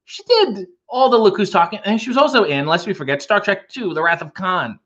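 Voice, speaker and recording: A man's voice: high voice, expressive, brisk, a bit bright, muffled recording. Dry, joking man reading comments. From Canada. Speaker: livestream host. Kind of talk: casual chat reading comments. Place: home.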